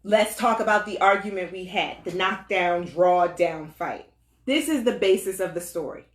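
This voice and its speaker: A woman co-hosting a casual talk, telling a story with insistent, animated energy and frequent laughter. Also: lowish voice, normal speed, reverberant.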